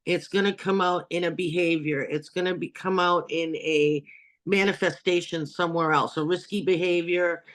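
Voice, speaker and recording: A woman's voice: on the low side, steady tone, moderate pace. A woman hosting an interview over a video call, talking earnestly and rambling, with many restarts and fillers. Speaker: host. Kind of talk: casual interview chat.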